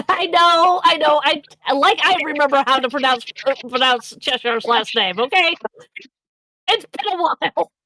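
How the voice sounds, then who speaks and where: A woman's voice: sits high, unhurried, pushed and bright, no echo, rough recording. A woman playing a tabletop role-playing game over voice chat, describing her character's actions with many fillers and restarts. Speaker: player.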